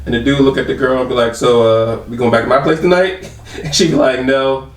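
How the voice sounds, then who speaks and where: A man co-hosting a podcast in casual chat, laid-back and joking, quick to agree. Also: mid-range voice. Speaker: podcast co-host. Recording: echoey room, distant mic.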